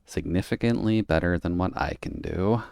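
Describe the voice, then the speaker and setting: Male streamer, very low and smooth, rambling chat with frequent laughs. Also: moderate pace, darkish tone, no room sound, studio quality. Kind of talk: casual chat while gaming.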